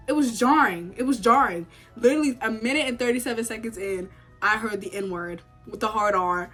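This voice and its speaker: A woman's voice: medium pitch, fairly bright tone. A young woman from the United States chatting casually to camera about what she has been watching, emphatic and given to repeating herself. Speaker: vlogger.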